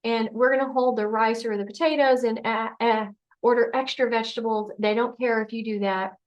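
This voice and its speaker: Conversational woman with a higher voice. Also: steady tone, brisk, highs cut off. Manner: conversational, acts out scenarios in quoted voices. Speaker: functional medicine doctor. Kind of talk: motivational health coaching talk.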